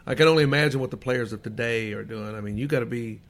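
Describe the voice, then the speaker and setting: A man's voice: mid-range voice, fast talker. An older man from Kentucky telling folksy anecdotes in a casual chat, acting out voices as he goes. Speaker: guest, former pro baseball player.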